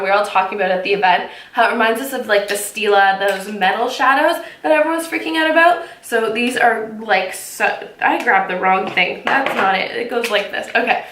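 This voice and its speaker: A woman's voice: medium pitch, a bit bright, recorded from a distance, a little hiss or hum. A young woman chatting casually through a makeup unboxing, gushing and bubbly, dropping lots of "like". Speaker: beauty vlogger. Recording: echoey room, voice a little off-mic.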